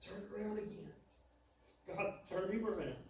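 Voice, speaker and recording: High-voiced preacher in echoey church. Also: male voice, a little slow. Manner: dramatic, swings from loud to hushed. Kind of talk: sermon storytelling. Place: church sanctuary. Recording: echoey church from far off, faint noise.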